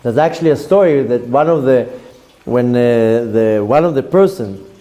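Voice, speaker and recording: A man's voice: medium pitch, moderate pace, mellow. A man, a rabbi giving a Torah lesson as a story and acting out the characters' lines.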